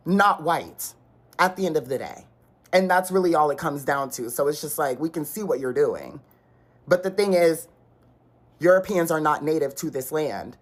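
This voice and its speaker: A woman's voice: lowish voice, fairly quick. A woman giving exasperated, argumentative commentary and mocking the other side's words. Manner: exasperated, argumentative, mock-quoting opponents. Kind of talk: social media commentary.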